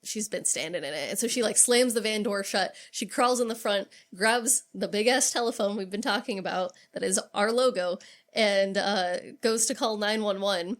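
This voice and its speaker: A woman's voice: mid-range voice, moderate pace. Woman recapping a movie, swearing freely. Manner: retells scenes with acted-out quotes, swears freely. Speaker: podcast co-host. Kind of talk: casual movie recap chat.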